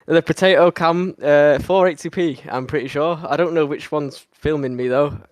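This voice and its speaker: A man's voice: fairly high pitch, normal speed, no echo. A man being interviewed about his rally run, easygoing and a little hesitant. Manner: easygoing, laughs softly, hesitant. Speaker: driver interviewed on stream. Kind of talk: casual interview.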